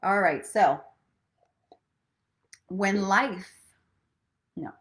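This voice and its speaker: A middle-aged self-love coach, speaking from home in Los Angeles, chats casually and emotionally with viewers on a live stream before reading aloud from a book. Her mid-range voice is a bit bright and extremely slow, and she's chatty and laughs often.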